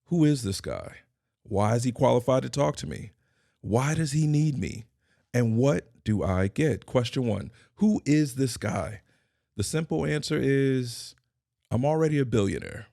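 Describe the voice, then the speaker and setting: Gravelly-voiced middle-aged man, emphatic. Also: mid-range voice, lively intonation, unhurried, mellow, no room sound, studio quality. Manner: emphatic, declarative, repeats key phrases. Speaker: podcast host and consultant. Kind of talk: scripted motivational monologue.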